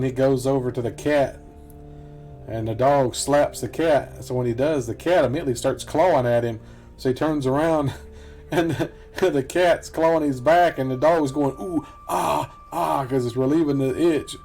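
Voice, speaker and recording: Middle-aged man, casual let's-play commentary, mellow voice, rambling and relaxed, chuckles often. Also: mid-range voice, normal speed, faint music behind. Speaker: gameplay commentator.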